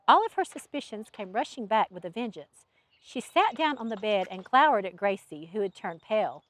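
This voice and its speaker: A woman author narrates her novel with expressive, storytelling delivery. Her voice is fairly high and swings widely in pitch. The recording is close and dry. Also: moderate pace, no echo. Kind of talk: audiobook narration.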